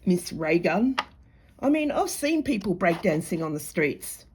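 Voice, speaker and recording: A woman's voice: fairly low pitch, sing-song, a little slow, darkish tone, slightly rough. A middle-aged Australian woman chatting casually to camera in a blunt, sarcastic, mocking way while she makes jewellery. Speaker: jewellery maker and vlogger.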